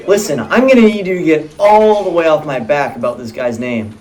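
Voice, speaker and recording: A man playing a screenwriter in a comedy sketch, matter-of-fact and mildly exasperated as he pitches. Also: sing-song, fairly quick, darkish tone.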